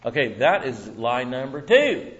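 A man preaching a Bible-teaching sermon in an animated way, acting out voices and laughing often. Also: mid-range voice, a little slow. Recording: muffled lo-fi recording.

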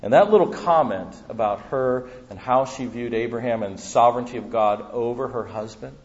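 A man preaches a sermon built around a personal anecdote, acting out the voices of the people in his stories with animation. His voice is mid-range at a moderate pace, and the recording sounds dull and lo-fi with a long hall reverb.

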